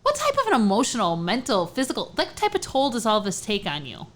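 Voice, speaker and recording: A woman's voice: fairly high pitch, wildly swooping pitch, fairly quick. A woman hosting an interview, asking follow-up questions in an encouraging way. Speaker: podcast host. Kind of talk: interview chat.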